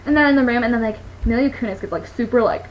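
A young woman chatting about a film, rambling and giggly, jumping into squealed impressions of the characters. She talks quickly in a slightly high voice. A faint hiss of room noise sits under the talk. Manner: giggly, rambling, acts out quotes with big swings. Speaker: movie reviewer. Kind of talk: casual chat.

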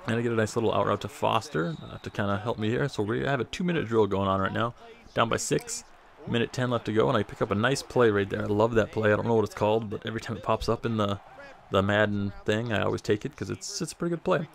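A man's voice: on the low side, fast talker, gravelly. A man casually commenting over his football video game, rambling and self-deprecating, a bit out of breath. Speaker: gaming commentator.

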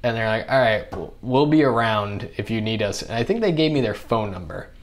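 Lively storytelling young man. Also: fairly low pitch, a little fast. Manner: animated, acts out others' lines, laughs often. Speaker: podcast guest. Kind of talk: casual storytelling.

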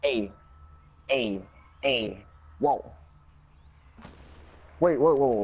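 A man's voice: medium pitch, expressive, extremely slow, gravelly, slightly rough, highs cut off. A young man giving goofy, joking commentary while he plays a game, often singing snatches of songs. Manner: goofy, joking, breaks into song lines and laughter. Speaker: gamer. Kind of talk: casual gameplay commentary.

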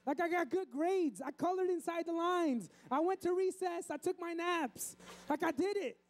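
A man voicing a small first-grade boy who complains in a high, whiny voice. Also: moderate pace. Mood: whiny, upset.

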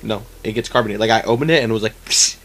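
A man's voice: fairly low pitch, very fast, fairly bright tone, soft background music. A man co-hosting a video game playthrough, laid-back and casual, talking his partner through the game. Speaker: let's play co-host. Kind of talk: casual gameplay banter.

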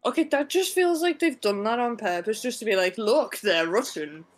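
A woman's voice: fairly high pitch, big pitch swings, brisk, soft background music, low-quality recording. A woman co-hosting a film reaction video in casual chat, chatty and exasperated, laughing often.

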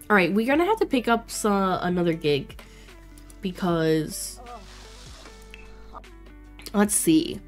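Young female streamer, casual and chatty, laughs easily, mid-pitched, faint music bed. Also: lively intonation, measured pace, pauses often. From Florida. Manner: chatty, reacts loudly, laughs often, talks to chat. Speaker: streamer playing a life sim game.

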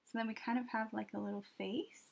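A woman teaching children an art lesson step by step, patient and gently encouraging, often pausing as she draws. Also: a little high, fairly even intonation, vocal fry.

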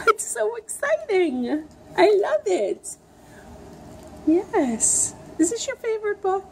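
A woman's voice: very high voice, big pitch swings, slow, noisy background. A young woman reading a picture book aloud to a baby in gushing, sing-song baby talk, full of exaggerated wonder.

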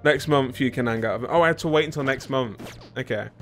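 A man's voice: medium pitch, brisk, fairly bright tone, soft background music. A man streaming a video game, rambling and joking with his chat, with a British accent. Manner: rambling, self-mocking, talks to chat. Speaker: gaming streamer. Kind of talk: casual let's-play commentary.

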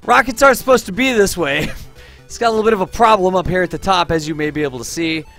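Male streamer in his 30s, upbeat and talkative, slightly high pitch, faint music underneath. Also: fast talker. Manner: chatty, excitable, reads chat aloud, laughs often. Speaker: livestream game host and teacher. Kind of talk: live gameplay streaming chat.

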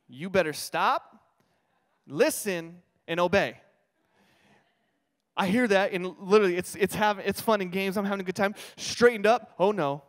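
A young adult man preaching a sermon in a church, energetic and humorous, telling stories and repeating his key lines. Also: high-pitched. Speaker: pastor. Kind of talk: sermon with storytelling. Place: church sanctuary. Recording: reverberant church hall.

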